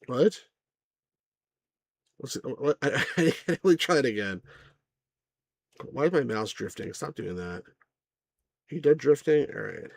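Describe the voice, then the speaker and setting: A man's voice: medium pitch, expressive, slow, vocal fry, pauses often, no echo. A man hosting a casual game review, rambling with asides to viewers and chuckling at the jokes. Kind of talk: casual gameplay commentary.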